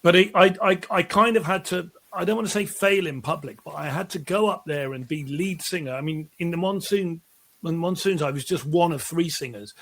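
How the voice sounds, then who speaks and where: A middle-aged man with a fairly high voice, guesting on an interview show. He tells long, animated stories and keeps restarting his sentences. His delivery is casual and chatty. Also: fairly quick, gravelly. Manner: animated, rambling anecdotes with frequent restarts. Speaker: musician guest.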